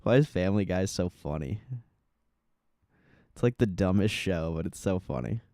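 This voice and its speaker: A man's voice: deep voice, expressive, moderate pace, dark tone, dry recording, clean studio sound. A man hosting a casual livestream, joking loosely and laughing often, saying his voice feels off. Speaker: livestream host.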